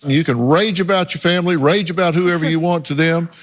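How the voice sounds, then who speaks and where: A man hosting a TV talk show, lecturing a guest bluntly with slow, emphatic delivery. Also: fairly high pitch.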